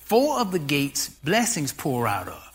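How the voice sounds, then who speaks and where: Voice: mid-range voice, huge pitch swings, measured pace. A pastor in their sixties preaching a sermon, full of rhetorical questions. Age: 60s.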